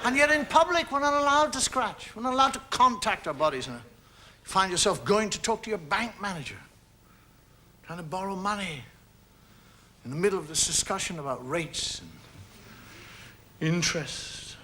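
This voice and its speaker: A man delivers a stand-up monologue in a high, very lively voice that rises and falls all over the place. He chats with the audience in a playful way and acts out the gestures he is describing. Steady background noise and small clicks run under the recording. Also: moderate pace, pauses often. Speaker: comedian.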